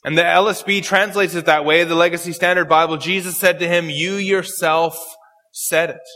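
A man preaching an expository sermon, reading and explaining scripture verse by verse and slowing to quote it. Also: high voice, pushed and bright, long reverb tail.

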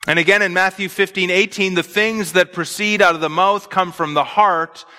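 A man's voice: sits high, fairly even intonation, normal speed, sharp tone, in a large hall. A man preaching an expository sermon, earnestly explaining scripture verse by verse.

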